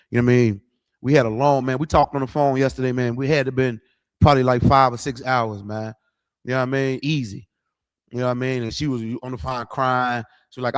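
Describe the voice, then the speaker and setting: A middle-aged man preaching, blunt, profane and conversational, livestreaming to viewers. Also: mid-range voice. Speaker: street preacher.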